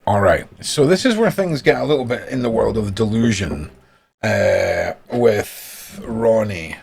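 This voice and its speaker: A man's voice: fairly low pitch, lively intonation, measured pace, gravelly, darkish tone, slightly rough. A man from Scotland with a Scottish accent, narrating a feud and reading messages aloud in a sarcastic, mocking, profane way. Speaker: YouTuber.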